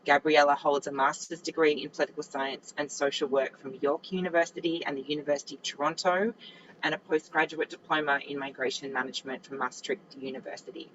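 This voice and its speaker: A woman's voice: sits low, steady tone, fast talker, background noise. A woman with an Australian accent, moderating an online workshop and introducing speakers graciously over a video call. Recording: muffled video-call audio.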